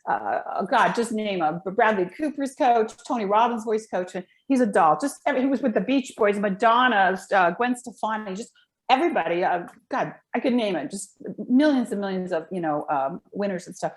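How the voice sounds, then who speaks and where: A woman's voice: medium pitch, brisk. A middle-aged woman, a video and voice coach, telling rambling stories in a casual interview. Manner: animated, rambling storyteller. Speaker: guest, live video and voice coach.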